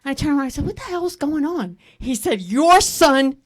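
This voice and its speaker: A middle-aged woman doing a stand-up comedy set on a stage, telling animated stories and breaking into laughter. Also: high voice, brisk. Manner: animated storytelling with bursts of laughter. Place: comedy stage at a live fundraiser.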